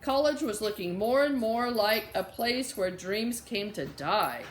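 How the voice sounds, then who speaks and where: A woman narrating a children's novel in a clear, steady reading voice. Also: medium pitch, unhurried, a little hiss or hum. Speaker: audiobook narrator. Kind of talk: scripted storybook narration. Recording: roomy echo.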